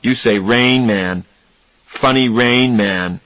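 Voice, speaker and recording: A man reading a story voices a withdrawn, anxious grown man who mutters his words flatly and repeats himself. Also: mid-range voice, slow, no room sound. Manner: muttered, flat, repetitive. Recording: dry, dull lo-fi recording.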